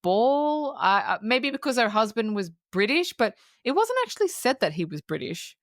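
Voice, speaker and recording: A woman's voice: on the high side, sing-song, moderate pace, no room sound, clean studio sound. A woman on a podcast, retelling a film plot in casual chat, swearing freely and acting out the characters' lines. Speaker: podcast co-host.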